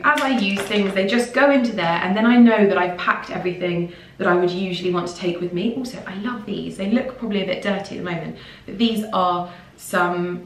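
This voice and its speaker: A woman's voice: medium pitch, far from the mic, slight background noise. Bubbly woman vlogger, rambling to a camera held a bit away from her. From England. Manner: bubbly and rambling, with fillers and self-corrections. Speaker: lifestyle vlogger. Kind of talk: casual chatty vlog monologue. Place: indoors at home, mid-packing. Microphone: handheld vlogging camera. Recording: echoey room, voice a little off-mic.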